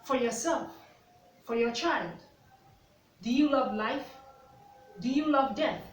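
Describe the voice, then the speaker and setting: A woman's voice: sits high, slight background noise. A woman, a mother and part-time teacher, telling stories to camera in an earnest way and asking the viewer repeated questions. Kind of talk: reflective storytelling to camera. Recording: roomy, distant mic with faint ambience.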